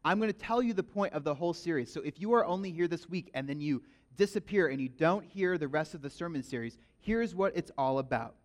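A pastor giving a sermon, telling stories in an animated, emphatic way. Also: male voice, on the high side, fairly quick, hardly any pauses. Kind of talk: sermon with storytelling.

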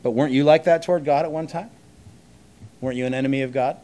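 A man delivering a sermon as a pastor, preaching conversationally with rhetorical questions and emphatic pauses between short phrases. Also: medium pitch, fairly even intonation, mellow.

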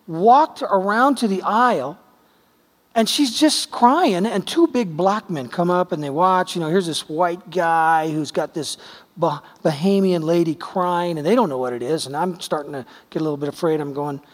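A man's voice: high voice, normal speed, long reverb tail. A man preaching a sermon, telling stories with acted-out quotes in a conversational, emphatic way. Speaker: pastor.

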